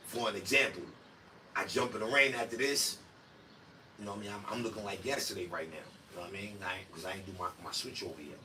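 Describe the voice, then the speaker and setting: A livestream host with a bright, forceful, somewhat low voice rambles casually in loose slang, acting out quoted asides. The mic sits at a distance, picking up faint room noise.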